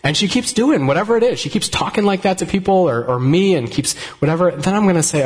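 A man preaching a sermon in a conversational, gently humorous way, often restarting his sentences. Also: high voice, lively intonation, quick pace, hardly any pauses. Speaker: pastor. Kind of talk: sermon with live demonstration.

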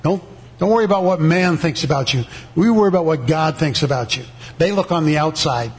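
High-voiced older man, veteran sharing a testimony, halting delivery with lots of restarts, acts out the voices in his story. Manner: halting, with many restarts and repeated words.

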